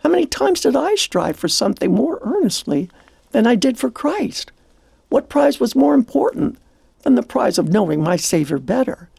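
A man's voice: very high voice, sing-song, normal speed, vocal fry, a little mellow, slightly rough, dry recording. A man co-hosting a devotional radio program, speaking in an earnest, reflective way.

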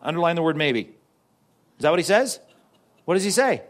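A man preaching a sermon in a conversational way, often asking "right?" and slowing down to stress quoted scripture. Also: fairly high pitch, sing-song. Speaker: pastor.

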